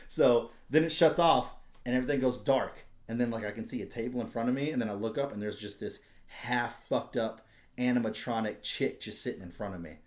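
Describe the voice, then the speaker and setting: A man hosting a podcast, telling a story in casual, profane, animated chat, with a noticeable echo around him. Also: medium pitch, fairly quick. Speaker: podcast host. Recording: roomy echo.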